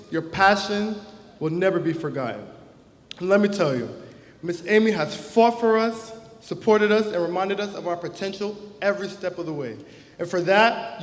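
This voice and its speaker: A young man, class president, giving an earnest, heartfelt prepared speech at a graduation ceremony into a stage microphone. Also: sits high. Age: young adult. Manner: earnest, heartfelt, emotional at times. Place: large hall or auditorium. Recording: echoey hall with long reverb.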